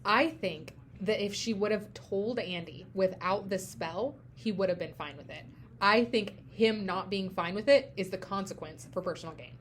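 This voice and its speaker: A woman's voice: medium pitch, moderate pace, slight background noise. A woman hosting a podcast, retelling TV scenes in casual chat, often saying "like". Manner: retells scenes with frequent "like" fillers. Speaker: podcast host.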